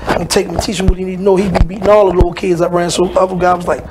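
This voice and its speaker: Brief: man guest, high, quick, gravelly storyteller with faint noise behind. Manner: animated, acts out voices in his stories. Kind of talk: personal storytelling.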